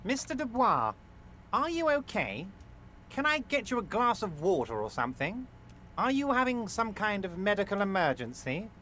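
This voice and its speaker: An actor voicing a large, smooth-talking male union boss in a game who reassures in an oily, falsely friendly way. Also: sits high, very animated, normal speed, bright, forceful tone, slight background noise, full character voice. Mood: oily reassuring. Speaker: game character voice.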